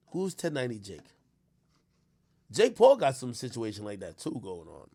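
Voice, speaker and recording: A young man riffs on his livestream in casual, slangy banter, his voice gravelly with a lot of fry. His pitch swings widely as he talks, climbing high whenever he gets riled up. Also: normal speed. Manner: loud animated slangy banter, jumps in pitch when riled up. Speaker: livestream host reacting to chat.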